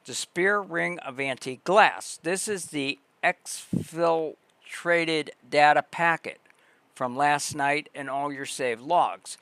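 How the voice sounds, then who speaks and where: A man with a somewhat high voice reads a long passage aloud on his livestream. He goes slowly and deliberately, pausing between phrases. The sound is close and dry. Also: fairly bright tone, clean tone, no echo. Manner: slow, deliberate reading with pauses and restarts. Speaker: livestream host. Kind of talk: reading text aloud on a livestream.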